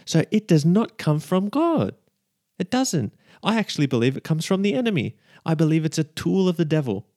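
A man's voice: a little high, sing-song, normal speed, mellow, no room sound, studio quality. A man hosting a casual devotional podcast, chatty and repeating his key lines as he checks in with listeners. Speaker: podcast host.

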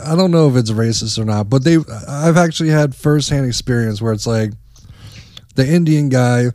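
A man co-hosting a podcast in casual chat, laid-back and quick to laugh. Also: medium pitch, a little mellow, no echo, studio quality. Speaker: podcast co-host.

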